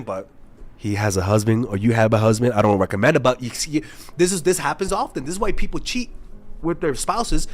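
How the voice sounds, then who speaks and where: A young man, a dating coach, talking casually and bluntly to camera, swearing freely and telling stories with animated energy. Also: mid-range voice. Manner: blunt, profane, animated storytelling.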